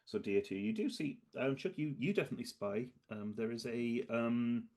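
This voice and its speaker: A man's voice: medium pitch, brisk, darkish tone. A man running a tabletop game as game master, describing scenes in a hesitant, rambling way full of fillers and restarts.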